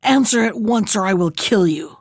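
A woman voicing a furious, cruel old witch who shouts threats in a storybook reading. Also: medium pitch, animated, normal speed, dry recording, studio quality. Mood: angry. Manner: shouting threats, gnashing menace.

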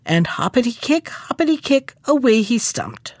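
A woman reading a fairy tale aloud in an expressive, sing-song storytelling manner. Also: a little high, normal speed, no room sound, clean studio sound.

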